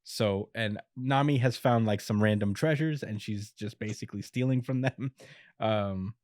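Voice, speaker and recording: A man's voice: on the low side, moderate pace, a little mellow, no echo, clean studio sound. A man hosting a podcast, casually recapping an episode with chuckles and plenty of filler words. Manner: laid-back retelling with chuckles and filler words. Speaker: podcast host. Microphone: podcast mic.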